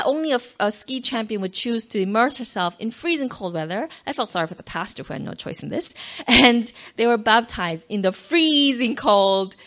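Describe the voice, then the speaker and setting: A woman telling a personal faith story to an audience, animated and emotional, acting out quotes and dropping to a near-whisper at tender moments. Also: mid-range voice. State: moved close to tears at times.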